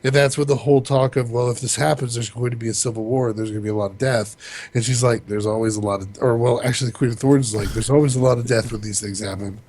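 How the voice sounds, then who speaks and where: A man's voice: mid-range voice, fairly even intonation, fast, a little mellow. A man talking casually as a show host, loosely retelling a TV episode in his own words, rambling and laughing along the way. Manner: rambling recap with laughs, quoting characters loosely. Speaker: podcast co-host recapping TV. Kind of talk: casual chat.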